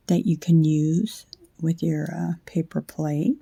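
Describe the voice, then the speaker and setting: A woman hosting a casual craft how-to at home late at night, sleepy, soft and unhurried, often slipping into a whisper as she works. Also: low voice, gravelly, breathy edge, no echo. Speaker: craft channel host.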